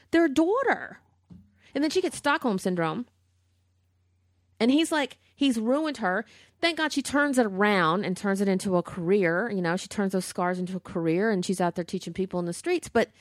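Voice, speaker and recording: A woman co-hosting a podcast in casual chat, blunt, profane and animated. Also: medium pitch, normal speed, no room sound, clean studio sound. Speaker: podcast co-host.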